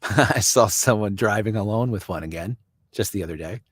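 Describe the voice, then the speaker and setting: A man's voice: on the low side, moderate pace, fairly bright tone, slightly rough, no room sound, clean studio sound. A man from Canada hosting a casual live stream. He reads viewer comments aloud, answers people by name and chuckles often.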